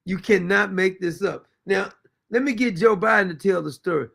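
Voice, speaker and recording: A man hosting a talk show, commenting loudly and incredulously on played clips. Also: sits high, moderate pace, creaky, a little hiss or hum. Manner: incredulous, loud outbursts, frequent laughter. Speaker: show host. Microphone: streaming mic.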